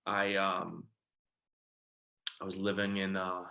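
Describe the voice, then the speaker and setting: A man, telling his own recovery story in a halting way, full of fillers and often trailing off quietly. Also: sits low, completely flat delivery, gravelly, muffled recording. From Detroit, Michigan. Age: 30s. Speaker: recovery outreach speaker. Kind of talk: personal testimony talk.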